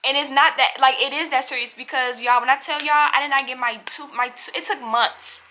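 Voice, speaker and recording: Young woman vlogger, bright high-ish voice, animated storytime delivery, talks straight to the viewers. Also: brisk. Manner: acts out other people's lines in quotes. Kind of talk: storytime vlog.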